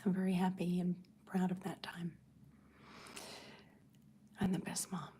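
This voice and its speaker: A middle-aged woman hosting an ASMR livestream, answering chat in a soft breathy whisper. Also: lowish voice, steady tone, unhurried, pauses often, slight background noise.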